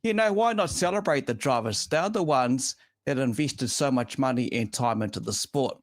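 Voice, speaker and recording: Kiwi guy hosting a racing podcast, mid pitch, very dry close sound, goes on and on with strong opinions. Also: lively intonation, moderate pace, dry recording. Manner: emphatic, opinionated, talks in long runs. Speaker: show host. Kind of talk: casual podcast chat.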